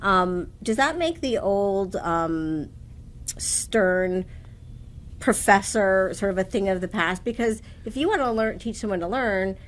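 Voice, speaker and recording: A woman interviewer asking questions and thinking aloud with frequent pauses and "um"s. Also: mid-range voice, lively intonation.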